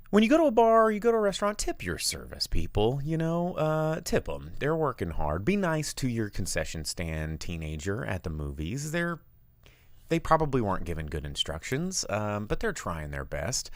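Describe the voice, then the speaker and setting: Brief: deep-voiced male co-host, lively swooping delivery, dry close sound, rambling storyteller. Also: no room sound. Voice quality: big booming voice when yelling. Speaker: podcast co-host and bar owner. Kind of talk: casual live-show chat.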